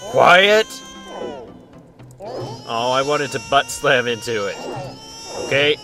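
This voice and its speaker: A man's voice: medium pitch, normal speed, over music. A man hosting a casual let's-play, joking around and talking to the characters on screen. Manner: goofy, jokey, talks to the characters on screen. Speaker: gaming channel host.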